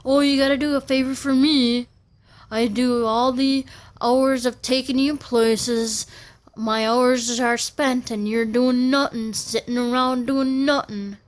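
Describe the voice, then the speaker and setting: A woman's voice: medium pitch, expressive, measured pace, lightly acted. A woman mimicking her impatient, resentful older father in a mocking, complaining voice.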